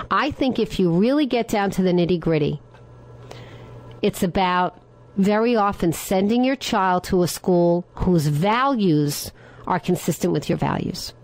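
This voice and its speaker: A woman's voice: lowish voice, darkish tone, low-quality recording. A middle-aged woman hosting a talk radio show, giving her opinions in a monologue and firing rhetorical questions at her listeners.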